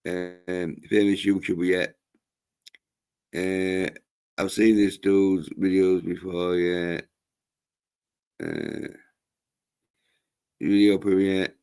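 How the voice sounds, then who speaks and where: Slow, low-voiced man rambling profanely. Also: fairly even intonation, creaky, darkish tone, smooth. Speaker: livestream host. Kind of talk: casual chat.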